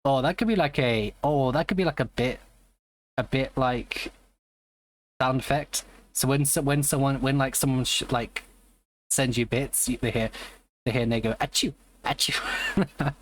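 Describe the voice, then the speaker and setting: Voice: medium pitch, moderate pace. A live streamer in casual chat, rambling and greeting viewers by name.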